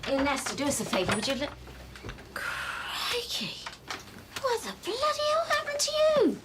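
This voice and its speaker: A woman's voice: a little high, racing, natural voice. An actress playing a blunt, teasing, gossipy woman friend in a TV drama. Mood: startled. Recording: TV drama soundtrack with background noise.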